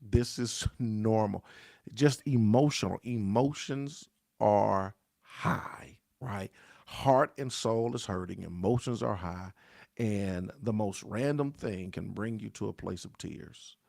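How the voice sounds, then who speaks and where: A man's voice: on the low side, slow pace, creaky, a little mellow, no echo, studio quality. A man, a pastor, giving a daily grief devotional in an earnest, conversational way, often repeating key phrases and calling his listeners y'all.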